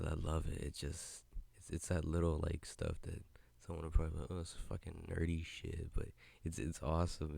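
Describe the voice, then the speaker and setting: A man's voice: a bass voice, vocal fry, warm tone, no room sound. A young man hosting a casual solo podcast, rambling in a laid-back way, swearing and laughing often, on a podcast mic. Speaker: podcast host. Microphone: podcast mic with headphones.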